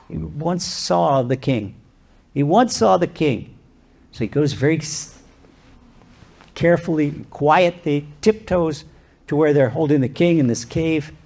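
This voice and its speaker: Gravelly-voiced rabbi telling a story. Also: male voice, on the high side. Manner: animated, conversational, frequent restarts. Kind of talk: sermon with parable storytelling. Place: lecture venue.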